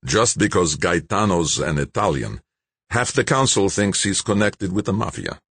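A man's voice: sits low, expressive, normal speed, fairly bright tone, slightly rough, dry recording, pitched above the performer's own voice, heavily acted. A man voicing an ambitious, proud male politician who speaks in a formal, controlled way. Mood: guarded, stern.

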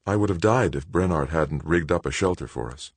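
Brief: male reader as a sick injured young man, strained croak. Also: extremely low pitch, a little fast, no echo, heavily acted. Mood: weak.

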